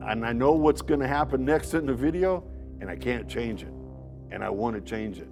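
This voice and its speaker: Gravelly, frustrated man in an interview. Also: medium pitch, animated, fairly quick, over music. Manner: frustrated, blunt, emphatic. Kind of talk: emotional interview.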